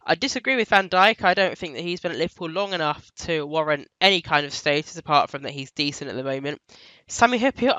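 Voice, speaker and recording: Bright, crisp-voiced man chatting football. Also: fairly high pitch, no echo, lo-fi sound. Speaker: podcast co-host. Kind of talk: casual football chat.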